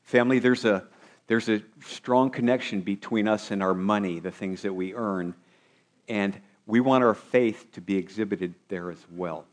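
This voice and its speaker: A man's voice: on the low side, normal speed. A man preaching a sermon as pastor, asking his congregation rhetorical questions.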